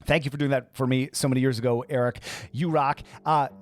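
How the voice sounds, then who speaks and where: A male podcast host giving a rambling, self-deprecating outro, talking fast as if over-caffeinated. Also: mid-range voice, steady tone, no echo, studio quality, soft background music. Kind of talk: casual podcast outro monologue.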